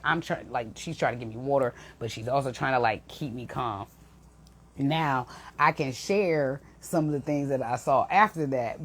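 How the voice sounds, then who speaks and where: A young woman, an intuitive reader, telling an emotional story to her viewers in a casual, animated way. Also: a bass voice, slight background noise.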